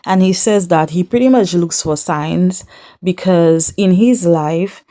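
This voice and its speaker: A woman's voice: lowish voice, measured pace. Sassy woman recapping reality TV. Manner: sassy, animated, acts out the people she quotes; speaks straight to the viewer. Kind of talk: casual chat.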